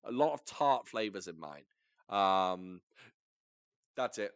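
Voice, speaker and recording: Male podcast co-host, animated pitch, chatty, stammers when thinking, dry close sound. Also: takes it slowly, clear, resonant tone, no echo. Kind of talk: casual chat.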